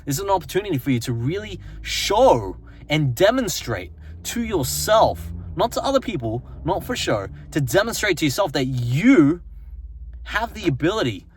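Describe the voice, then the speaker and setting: A man's voice: fairly high pitch, sing-song, moderate pace, a little hiss or hum. A man giving a motivational self-help talk, earnest and repetitive, often tagging his points with "right?". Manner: earnest, repeats phrases and tags lines with "right?".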